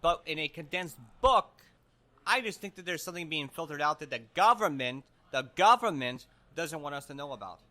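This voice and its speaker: A man's voice: fairly high pitch, expressive, fairly quick, sharp tone. A man playing a rambling, self-important humanitarian guest who stumbles over his words in an improvised comedy podcast bit.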